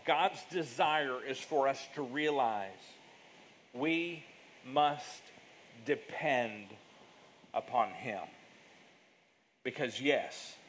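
A male pastor preaching a sermon with emphatic delivery, big swings in pitch and loudness, and drawn-out words. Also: a little hiss or hum, low-quality recording.

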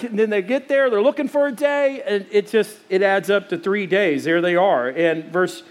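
A middle-aged man preaching a sermon in church, animated and joking, acting out little scenes. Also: sits high, moderate pace, hardly any pauses. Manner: animated, joking, acts out quotes. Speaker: pastor. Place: church sanctuary.

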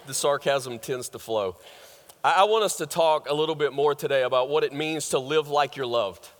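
A man's voice: on the high side, a bit bright. An older man preaching a sermon as pastor, conversational and joking, with lots of fillers and restarts. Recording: long hall reverb.

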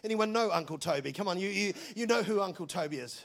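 A male pastor, preaching a sermon in an energetic, chatty, jokey storytelling way. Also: high-pitched, fast talker, vocal fry.

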